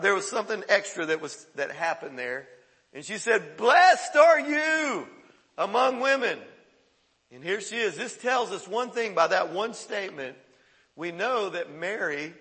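A man preaching a sermon as pastor, lively and conversational, with sudden bursts of excitement. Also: sits high, big-room sound.

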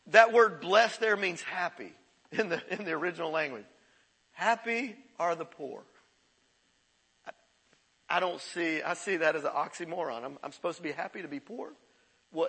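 A man's voice: high voice, sharp tone, breathy edge, low-quality recording. A middle-aged male pastor preaching a sermon in a conversational way, chuckling and repeating himself. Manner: conversational preaching with laughs and repetitions.

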